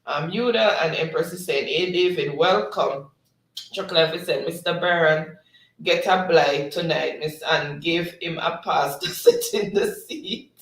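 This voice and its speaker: A gravelly, fairly high-voiced man reads viewer comments aloud on a livestream. He laughs often as he goes. He sounds set back from the mic in an echoey room. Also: a little slow, a bit bright, recorded from a distance. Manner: laughs often while reading. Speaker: livestream host. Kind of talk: casual chat reading out live comments.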